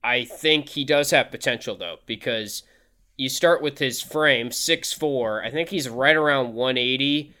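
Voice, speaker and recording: A young man co-hosts a sports show in a bright voice. He talks in an easygoing, laid-back way and breaks down players with calm analysis. The delivery is casual and conversational. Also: mid-range voice, measured pace.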